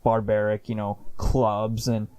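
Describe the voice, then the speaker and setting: A man's voice: fairly low pitch, flat delivery, a little slow, warm tone, no room sound. A man reviewing an anime episode in a chatty, casual way, with lots of fillers, swearing and laughs.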